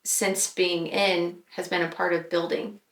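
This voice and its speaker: A woman's voice: on the low side, level tone, a bit bright. Earnest woman sharing a testimony. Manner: earnest, reflective, speaks with pauses and fillers. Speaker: podcast guest. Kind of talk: personal testimony in casual chat. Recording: roomy echo.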